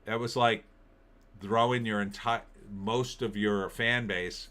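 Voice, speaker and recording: A man's voice: fairly low pitch, fairly even intonation, takes it slowly, fairly bright tone. A middle-aged man hosting a casual live-stream, rambling and opinionated as he reacts to entertainment headlines and viewer comments. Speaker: political commentary host.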